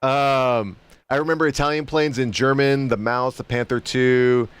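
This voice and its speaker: A man's voice: medium pitch, steady tone, moderate pace, clean tone, dry recording. A man chatting casually on a game stream, rambling and repeating himself with chuckling asides. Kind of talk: casual livestream commentary.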